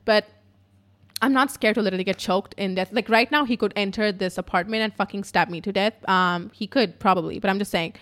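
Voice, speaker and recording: At home in her apartment, a young woman tells a story in a casual, profane, animated way. Her voice is medium-pitched and fairly quick.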